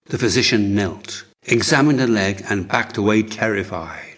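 A man narrating a historical story in a measured, dramatic way, as an audiobook. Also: on the low side, fairly bright tone.

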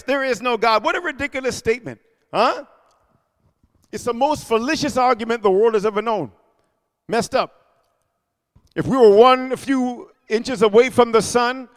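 Male preacher, lively and loud at times, high pitched, big reverb like a church hall. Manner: animated, call-and-response exclamations, shouting peaks. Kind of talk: sermon.

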